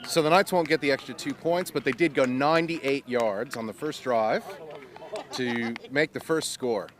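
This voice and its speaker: A man's voice: mid-range voice, moderate pace, a crowd in the background. Aussie guy doing laid-back play-by-play at a local gridiron game, explains the rules, outdoors on a stream mic. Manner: explains rules to newcomers, casual. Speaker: play-by-play commentator. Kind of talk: live amateur football commentary. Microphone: live stream mic.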